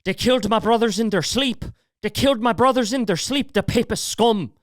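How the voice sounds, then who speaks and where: A bitter, grudge-filled old Irish grandmother, as a man puts her on with a shaky Irish accent. She speaks higher and with heat. The recording is clean and dry. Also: fairly quick, dry recording, close to an everyday voice. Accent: attempted Irish.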